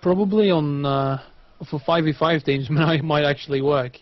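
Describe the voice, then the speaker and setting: A man's voice: fairly high pitch, normal speed, lo-fi sound. A man playing guest on a game cast, rambling through analysis with dry jokes, heard over a voice call. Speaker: guest player. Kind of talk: casual chat over voice call.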